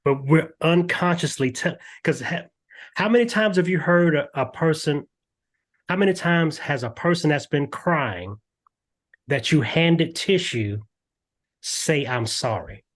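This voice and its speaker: An older man, a podcast guest, talking earnestly in a lively storytelling way with frequent restarts. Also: a little high, a little slow. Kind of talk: candid podcast interview.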